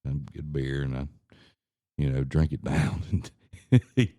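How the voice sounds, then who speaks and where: A man's voice: very deep voice, little pitch movement, moderate pace, warm tone, no room sound, studio quality. A man on a podcast telling a casual, profane family story, laughing and acting out what people said. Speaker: podcast co-host.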